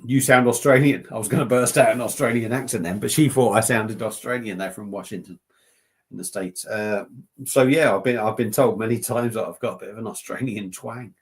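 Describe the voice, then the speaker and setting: A man's voice: fairly low pitch, brisk. Give me a jokey, rambling man from southern England hosting a casual live chat. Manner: rambling, jokey, laughs often. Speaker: beer review channel host.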